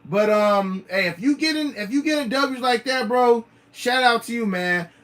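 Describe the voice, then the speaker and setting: A man with an extremely high, slightly bright voice hosts a sneaker livestream at a normal speed. His conversation is easygoing and repetitive, thick with slang and fillers.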